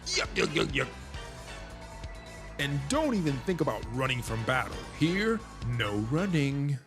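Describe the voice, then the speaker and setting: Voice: medium pitch, very animated, a little slow, over music. A streamer voicing a sinister, mocking ghostly villain from a video game in a sing-song, taunting tone.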